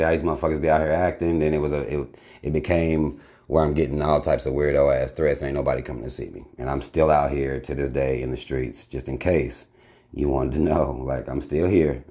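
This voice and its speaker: Deep-voiced blunt swearing man. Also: mellow. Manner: blunt, emphatic, heavy swearing. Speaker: channel host reacting to a video. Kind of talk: casual profane commentary.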